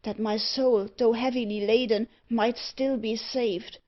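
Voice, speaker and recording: A woman's voice: on the high side, fairly even intonation, unhurried, dull audio, natural voice. A woman voicing an anguished young male captive. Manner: pleading, overwrought.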